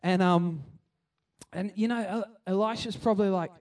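A man giving a chatty, animated sermon and acting out the scenes he tells. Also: high-pitched, moderate pace, distant mic. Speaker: preacher. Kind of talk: casual sermon.

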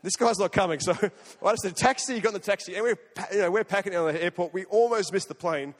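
Fast-talking Australian man preaching. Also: high voice. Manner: animated, conversational, jumps between loud and hushed. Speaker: guest preacher. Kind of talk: sermon with storytelling. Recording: long hall reverb.

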